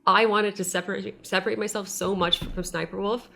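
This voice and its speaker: A woman talking casually and relaxed in an interview clip. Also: mid-range voice, a little fast, creaky. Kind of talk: casual chat.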